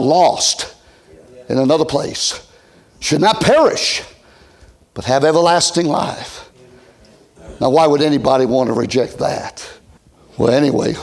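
Middle-aged man, pastor, high voice, folksy revival preaching with big loud-to-soft swings. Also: vocal fry. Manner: folksy, swinging from loud shouting to hushed near-whisper. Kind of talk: revival sermon.

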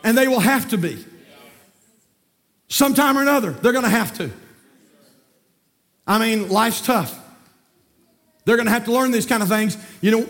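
A man preaching a fiery sermon, folksy and repetitive, swinging from quiet talk to shouting. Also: very high-pitched, moderate pace, pauses often. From North Carolina, USA. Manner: folksy, repeats words. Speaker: pastor.

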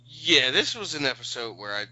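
A man co-hosting a casual show, talking in halting, playful rambles. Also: a little high, very animated, sharp tone, no room sound, lo-fi sound. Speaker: podcast co-host. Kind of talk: casual recap chat.

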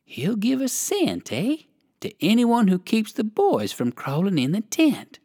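Uncle Wiggily, a polite old gentleman rabbit, as a reader puts him on. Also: medium pitch, huge pitch swings, a little slow, no echo, clean studio sound, pitched above the performer's own voice, heavily acted. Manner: polite, earnest. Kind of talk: storybook character voice.

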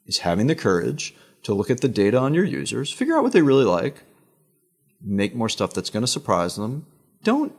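A middle-aged man, a media executive guest, talking in an animated storytelling way with emphatic asides in a conversational interview. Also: on the low side, breathy edge.

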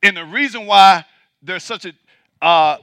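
A male pastor preaching a sermon emphatically, repeating his points and swinging between loud declarations and quiet asides. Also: high voice, a little slow, dry recording.

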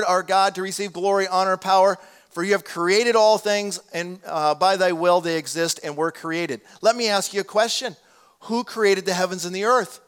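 A man preaching a sermon in a conversational way, rising in volume when he reads scripture aloud. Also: high-pitched. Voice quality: damaged hearing, says so. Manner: conversational preaching, swells loud on quoted scripture. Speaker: pastor.

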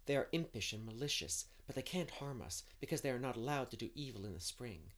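A man's voice: mid-range voice, animated, a little fast, lightly acted. A man reading aloud and voicing Anne, an imaginative, eager young girl who talks in a rush of romantic fancy. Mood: hushed dramatic.

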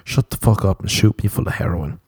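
A man's voice: fairly low pitch, lively intonation, brisk, darkish tone, husky, dry recording. A man voicing depressed, worn-out words that beg crudely. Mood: pleading. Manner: pleading and crude.

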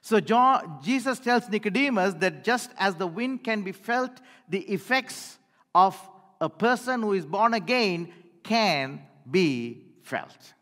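Male pastor, sermon, high-pitched, very animated, dramatic pauses, reverberant church. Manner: animated preaching with dramatic pauses and falling endings. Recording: long hall reverb.

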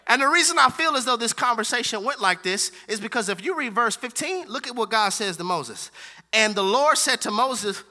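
Guy preaching, real high voice, super bright and sharp, acts out little voices. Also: normal speed, pauses often. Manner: animated preaching with acted-out voices and laughter. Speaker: pastor. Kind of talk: sermon.

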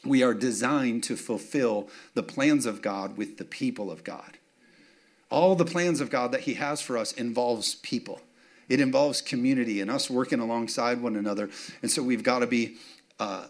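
A man's voice: mid-range voice, moderate pace. A man preaching a sermon in a casual, story-driven way, repeating key phrases and asking the congregation for amens. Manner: conversational, repeats phrases for emphasis, asks for amens. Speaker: pastor. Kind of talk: sermon with personal stories.

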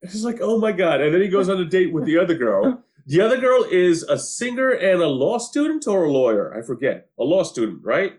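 A man's voice: sits high, sing-song, fairly quick, a little mellow. A young man co-hosting a casual podcast, telling a story with acted-out quotes, swearing and laughing as he goes. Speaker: podcast co-host. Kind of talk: casual chat recapping a show.

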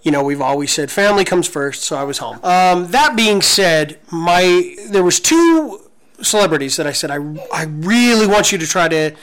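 A man in his forties co-hosting a podcast, telling a story in an excited, gushing way with many restarts. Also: high-pitched, moderate pace, clear, resonant tone, rough recording. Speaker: podcast co-host. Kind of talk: casual storytelling chat.

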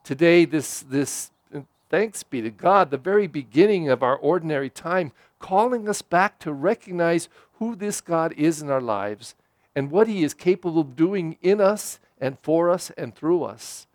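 Lively high-voiced male pastor preaching. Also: a little slow, dry recording, clean studio sound. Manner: conversational preaching with direct questions to listeners. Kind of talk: sermon.

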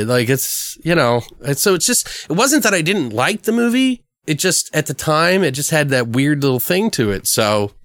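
A man's voice: a little high, big pitch swings, normal speed, few pauses, fairly bright tone, no echo, studio quality. A man hosting a casual horror film podcast, rambling through a story and swearing freely. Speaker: horror movie podcast host. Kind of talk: casual chat, film review.

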